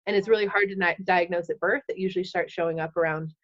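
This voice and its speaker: A woman's voice: lowish voice, fairly even intonation, quick pace. A woman in her thirties, a podcast guest, tells her own story candidly in casual speech, often saying "like" and acting out what she thought back then. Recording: dull lo-fi podcast audio.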